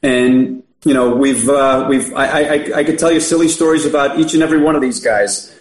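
A man's voice: mid-range voice, a little fast, reverberant, poor audio. A middle-aged man telling stories in casual chat, rambling with many fillers and restarts. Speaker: podcast guest. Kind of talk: casual storytelling.

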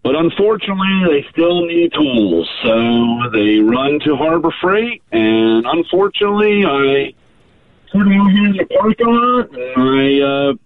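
A man's voice: fairly high pitch, very animated, unhurried, a crowd in the background. A man calling in from outdoors in a parking lot, telling a wry story over a tinny phone line. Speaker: caller. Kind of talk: casual phone chat.

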